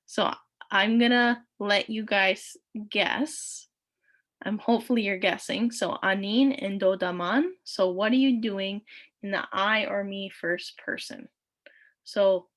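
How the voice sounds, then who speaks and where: A woman's voice: medium pitch, fairly bright tone. A woman teaching a recorded language lesson, repeating each word patiently with frequent ums.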